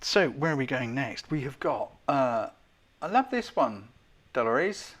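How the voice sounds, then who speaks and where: A man's voice: mid-range voice, very animated, measured pace, a bit bright, slight background noise. A man hosting a live-stream photo critique, chatty and self-deprecating, often turning to ask viewers what they think. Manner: chatty, keeps asking viewers' opinions. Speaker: host giving photo feedback.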